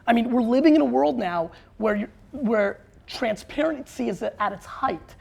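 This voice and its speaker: A man with a gravelly, husky voice speaks in an animated studio interview. He is blunt and emphatic, and keeps restarting his sentences in his excitement. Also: extremely high pitch, moderate pace. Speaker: author and marketer, guest.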